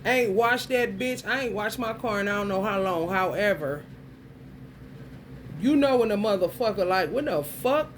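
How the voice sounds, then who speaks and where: A woman's voice: mid-range voice, expressive, moderate pace, slight background noise. A woman vlogger delivering a blunt, crude rant full of swearing and street slang. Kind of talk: profane stream-of-consciousness rant.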